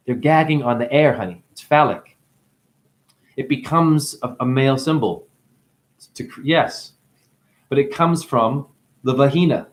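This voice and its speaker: A man's voice: medium pitch, animated, normal speed, long pauses. A man giving a rambling spiritual monologue, free-associating with wordplay, swearing often and breaking into laughter. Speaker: self-styled spiritual teacher.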